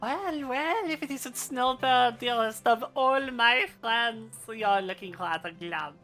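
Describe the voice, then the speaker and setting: Posh, flirtatious, gossipy male noble with a plummy drawl and a bright, sharp tone, read by a woman. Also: on the high side, animated, slow pace, soft background music, pitched above the performer's own voice, exaggerated voice. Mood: teasing. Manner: plummy upper-class drawl. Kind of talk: reading game dialogue aloud.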